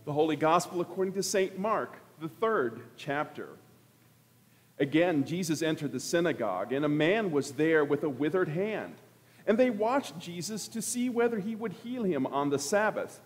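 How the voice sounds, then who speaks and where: A man, a pastor, giving a formal, measured liturgical gospel reading in a service. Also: fairly high pitch, animated. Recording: echoey church from afar.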